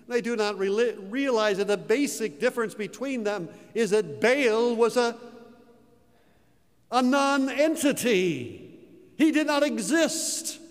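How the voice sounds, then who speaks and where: High-voiced preacher telling a dramatic story. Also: male voice, in a large hall. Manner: dramatic storytelling with slow, emphatic phrasing. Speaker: pastor. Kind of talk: sermon.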